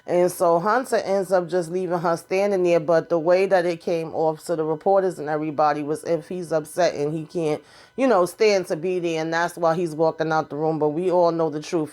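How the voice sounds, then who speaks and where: Low-voiced woman doing a sassy recap. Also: a little mellow. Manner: blunt, sassy, swears freely while retelling scenes. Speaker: TV episode recapper. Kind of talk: casual recap chat.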